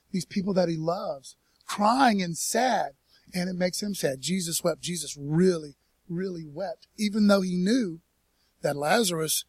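A man's voice: high-pitched, no echo. A man preaching a casual, conversational sermon in church, folksy, with lots of "man" and "you know". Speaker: pastor.

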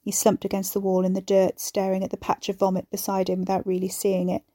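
A woman reads a chapter of a serialized story aloud at a steady, measured pace. Her voice is mellow and relaxed. The recording is dry and close. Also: medium pitch, no echo. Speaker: narrator. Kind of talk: audiobook narration of a serialized story.

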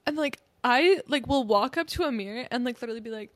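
Bubbly higher-voiced young woman. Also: fast talker, fairly bright tone. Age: early 20s. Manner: rambling, filler-heavy, laughs often. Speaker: podcast co-host. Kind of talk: casual chat.

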